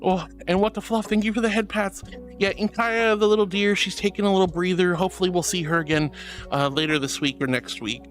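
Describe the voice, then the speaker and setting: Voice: medium pitch, fairly even intonation, brisk, faint music behind. A streamer in casual live-stream chat, thanking viewers and calling them sweetie and honey, laughing often.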